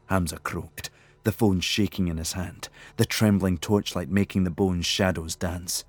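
Deep husky male audiobook narrator. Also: fairly even intonation, no echo. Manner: measured, tense storytelling. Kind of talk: scripted narration.

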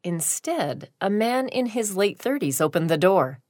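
A woman reads a story aloud at a slow, unhurried pace. Her voice sits in the middle range. The sound is dry and close, with no room echo. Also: medium pitch, very animated, a little mellow. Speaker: narrator. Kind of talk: storybook reading.

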